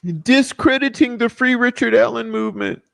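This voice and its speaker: A man putting on the voice of a whiny online critic, sneering in a high nasal tone. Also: normal speed, vocal fry, fairly bright tone, exaggerated voice.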